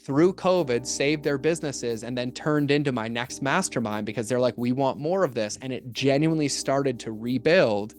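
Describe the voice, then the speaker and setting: A man who works as a marketing strategist, telling stories in a casual podcast interview with earnest, animated energy and quick bursts of speech. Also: mid-range voice.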